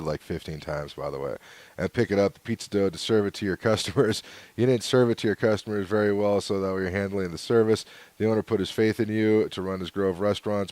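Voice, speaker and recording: Laid-back low-voiced man, solo podcast. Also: a little mellow, dry recording. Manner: laid-back and rambling, with frequent fillers and chuckles. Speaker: podcast host. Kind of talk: casual solo podcast, reading hate mail aloud.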